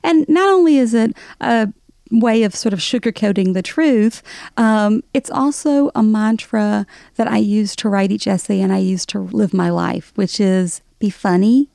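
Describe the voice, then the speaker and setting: A woman, an author giving a radio interview, animated and often laughing. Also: mid-range voice, measured pace, vocal fry, no echo, studio quality. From American South. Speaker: author guest.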